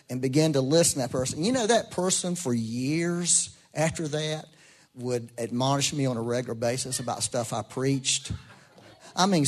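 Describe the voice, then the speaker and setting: A middle-aged man preaching a sermon in a folksy, storytelling way, acting out quoted voices. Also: a little high. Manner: folksy, storytelling, animated quoting. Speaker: pastor.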